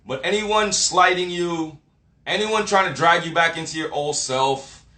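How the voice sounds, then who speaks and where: A man's voice: fairly high pitch, measured pace, bright, forceful tone. A man delivering a blunt motivational rant full of swearing and street slang, lecturing the listener directly. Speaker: motivational vlogger. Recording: echoey room.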